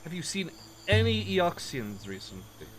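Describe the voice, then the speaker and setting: A man's voice: a little high, very animated, a little slow, a bit bright, slight background noise, voice pushed up. A man reading the lines of a determined young woman explorer in a game, asking direct, blunt questions. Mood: urgent.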